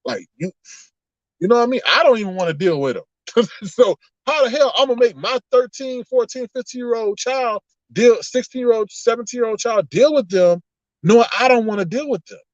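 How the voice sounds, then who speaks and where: A man with a high, lively voice chats casually on a livestream, talking back to his chat and telling stories with big exclamations. The sound is dry and a little dull and lo-fi. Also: a little fast, dry recording. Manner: animated, exclamatory storytelling with frequent laughs. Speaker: livestream host reading chat.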